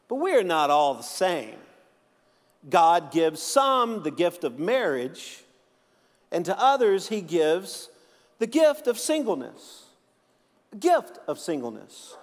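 A man's voice: high-pitched, sing-song, takes it slowly, in a large hall. A male pastor preaching a sermon in a joking, conversational way, with frequent restarts.

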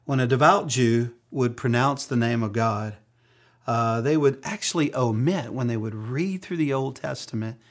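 A man's voice: mid-range voice, moderate pace. A middle-aged man preaching a sermon as pastor, mixing humorous personal stories with acted-out quotes.

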